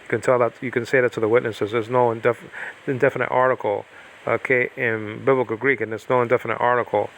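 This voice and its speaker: A man gives a loose, rambling livestream lesson from inside his own house, speaking at a middling pitch. He talks to viewers on a device running on battery, drifts off topic, and restarts sentences often. A faint hum of background noise sits under his voice. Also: level tone, fast, fairly bright tone. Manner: digressive, chatty, many fillers and restarts. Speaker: Bible Greek teacher. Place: self-built cement-block house during a typhoon.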